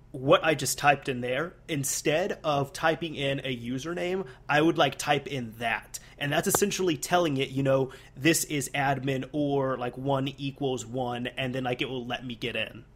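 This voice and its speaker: A young man in casual chat, an animated storyteller who laughs often and uses many fillers. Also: medium pitch, normal speed.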